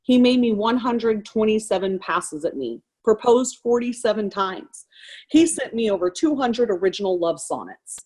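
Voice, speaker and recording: A woman's voice: mid-range voice, expressive, moderate pace, darkish tone, breathy edge, voice pushed up. A woman reading a stage monologue cold, voicing a wife who jokes through the pain of a divorce she refuses. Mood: sarcastic. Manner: sarcastic, forced laughter over pain.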